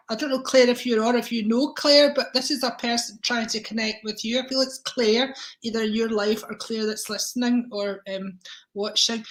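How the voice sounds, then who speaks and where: A woman chats through a live-stream card reading, greeting viewers by name and calling them darling. Her voice sits fairly high, and a tickle in her throat catches now and then. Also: fairly bright tone, poor audio. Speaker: psychic reader and livestream host.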